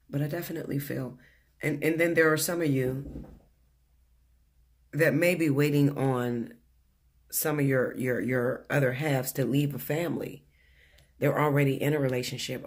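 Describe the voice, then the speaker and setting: Blunt, foul-mouthed male tarot reader. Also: medium pitch. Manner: blunt, profane and chatty, laughs often. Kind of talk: casual weekly tarot reading. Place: living room at home.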